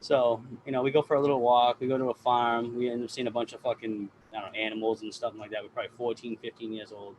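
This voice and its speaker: A man's voice: medium pitch, little pitch movement, fast, hardly any pauses, darkish tone, slight background noise, rough recording. A man from the US East Coast, a guest grower on a casual podcast, telling stories with plenty of swearing and quoted dialogue. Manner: swears often, tells stories animatedly.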